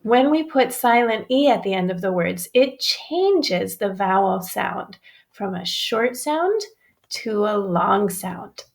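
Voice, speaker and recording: A woman teacher giving a phonics lesson to young children, sounding out each vowel slowly and clearly and speaking to them as friends. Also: medium pitch.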